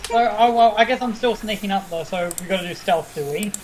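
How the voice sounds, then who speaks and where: A man's voice: high-pitched, a little fast, very noisy. A man playing a tabletop game, casually asking about the rules. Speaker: player.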